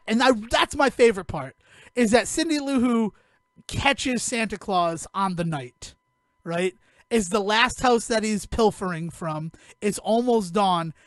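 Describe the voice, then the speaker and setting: Guy with a high voice, rambling through a movie plot on a podcast, dry close mic. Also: dry recording. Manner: rambling, animated retelling with acted quotes. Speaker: podcast co-host. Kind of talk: casual movie review chat.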